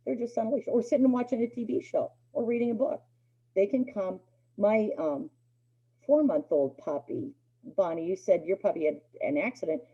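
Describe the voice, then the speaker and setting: In a dull lo-fi recording, a middle-aged woman with a husky, mid-range voice talks at a normal speed. She's teaching a dog obedience class in a chatty, casual spoken lecture, acting out what the dogs are thinking in playful voices.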